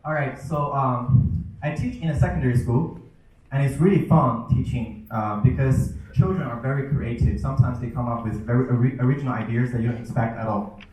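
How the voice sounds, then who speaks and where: A man's voice: mid-range voice, a little fast, darkish tone. A young man performing a stand-up comedy set, telling stories about his teaching and acting out his students' voices. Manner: storytelling with acted-out student voices. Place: event hall with a live audience. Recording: echoey hall, mic heard from a distance.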